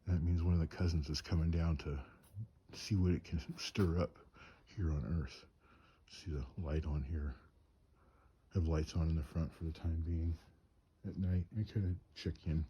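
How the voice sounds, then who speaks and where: A man's voice: extremely low pitch, fairly even intonation, moderate pace, long pauses, mellow, husky. A man telling stories in a rambling, chuckling way, cold and shivering outdoors at night. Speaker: storyteller and craftsman. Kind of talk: casual storytelling. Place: outdoors at night on a mountain trip.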